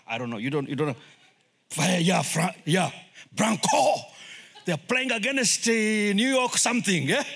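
A lively male preacher delivering a sermon, his fairly high voice swooping up and down as he repeats phrases for emphasis. He acts out the people in his stories and keeps the crowd with him. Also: breathy edge. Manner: animated, repeats words, acts out quoted voices. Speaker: guest preacher, missionary.

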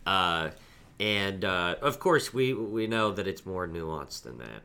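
A man's voice: deep voice, expressive, slow, creaky, sharp tone. A man co-hosting a podcast, chatting casually, rambling and swearing a lot. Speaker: podcast co-host. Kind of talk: casual chat.

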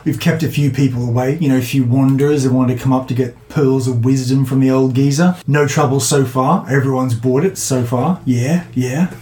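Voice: medium pitch, steady tone, fairly quick, hardly any pauses, dark tone, close to an everyday voice. A game master voicing a nervous, eager-to-please female guard, in a plain everyday voice. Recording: roomy echo.

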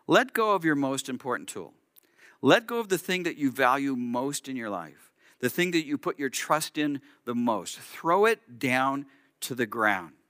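A man doing God, calm and coaxing. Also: mid-range voice, a little slow, no echo, studio quality. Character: patient, commanding male God.

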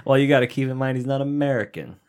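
A man's voice: medium pitch, quick pace. A man co-hosting a casual sports podcast, swearing often and joking around. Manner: swears often, jokey and animated. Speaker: podcast co-host.

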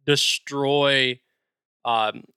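A man's voice: mid-range voice, fairly even intonation, very slow, bright, forceful tone, clear, resonant tone, dry recording. A man co-hosting a podcast, eagerly retelling a video game's story in casual chat. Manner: enthusiastic, retells game scenes with quoted lines. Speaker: podcast co-host.

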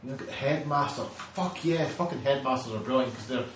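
A man's voice: medium pitch, a little fast, a little hiss or hum. A man hosting a podcast, ranting animatedly and swearing a lot in casual chat. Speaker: podcast host. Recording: echoey room, distant mic.

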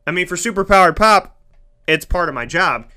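Male entertainment host, high bright voice, animated and emphatic casual monologue. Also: normal speed, clear, resonant tone. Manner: animated, emphatic, dramatic voice swings. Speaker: broadcaster and entertainment show host.

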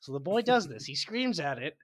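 A podcast co-host chats casually, rambling through stories and laughing often, a giggly storyteller. His voice is on the high side, a little fast, with big swings in pitch.

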